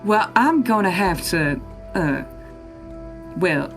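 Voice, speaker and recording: A woman co-hosting a podcast, chatting playfully and teasing in quick bursts. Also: on the low side, expressive, fairly bright tone, faint music behind. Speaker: podcast co-host. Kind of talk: casual chat.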